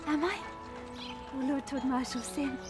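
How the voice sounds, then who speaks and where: A woman's voice: sits high, a little slow. A woman voicing a girl who poses as a prissy, affected upper-class lady. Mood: coy. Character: slum girl posing as a prissy posh lady. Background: music.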